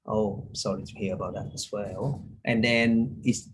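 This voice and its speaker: A man playing a doctor in a practice medical exam, asking polite questions haltingly with many fillers. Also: on the low side, fairly even intonation, slight background noise, low-quality recording. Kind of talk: medical exam role-play.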